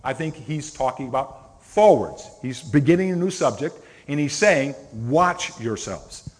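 A man's voice: fairly high pitch, lively intonation, moderate pace, a little mellow. A middle-aged man preaching a sermon as a pastor, telling stories in a conversational way and stressing single words. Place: church sanctuary. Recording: long reverb of a church hall.

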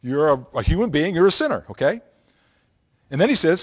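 A man's voice: on the high side, big pitch swings, brisk, husky. A man preaching a Bible lesson, explaining scripture in an emphatic, teacherly way and often checking in with the listeners.

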